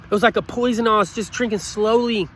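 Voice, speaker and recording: Speaking a little fast, a man with a high, fairly bright voice gives an emotional motivational talk. He pleads with real earnestness and keeps returning to the same points, choked up as he goes.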